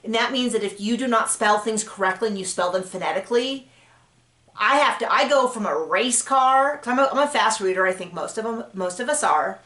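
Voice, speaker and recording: A woman's voice: on the high side, lively intonation, brisk, fairly bright tone. Chatty woman author in a roomy space. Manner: chatty, with frequent fillers and self-corrections. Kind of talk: casual advice talk to camera. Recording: roomy echo.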